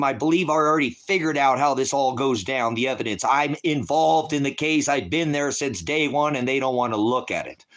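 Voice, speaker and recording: A man's voice: a little high, a bit bright. A preacher delivering an emotional spoken prayer to his congregation. He is tearful and distraught, and he pleads through repeated questions. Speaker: ministry preacher.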